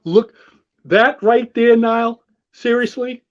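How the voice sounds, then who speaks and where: A man hosting a show, gushing excitably in casual commentary that rambles with restarts. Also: very high-pitched, slow pace. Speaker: show host walking through a comic. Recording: dull lo-fi sound.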